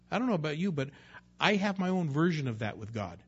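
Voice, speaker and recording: A man's voice: fairly high pitch, sing-song, fast, muffled recording, a little hiss or hum. A man preaching a sermon in a conversational way, sometimes acting out the voices of people he quotes. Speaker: pastor.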